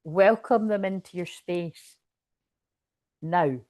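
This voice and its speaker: A woman's voice: lowish voice, takes it slowly, darkish tone, no room sound, clean studio sound. A Scottish woman giving a casual, rambling tarot reading to camera. She often breaks into laughter. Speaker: tarot reader.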